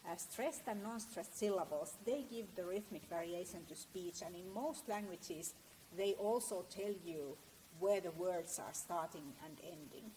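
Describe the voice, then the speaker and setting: A middle-aged woman giving a guest lecture at a university, explaining in a measured way with frequent fillers and restarts. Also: fairly low pitch, dark tone, a little hiss or hum, poor audio. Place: lecture room.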